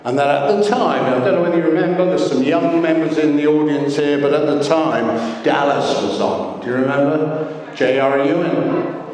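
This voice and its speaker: A man's voice: on the high side, moderate pace, darkish tone, far from the mic. Joking man, echoey hall. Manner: jokey, self-mocking storytelling. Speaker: wedding guest giving a speech. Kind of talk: wedding speech. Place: large hotel function room.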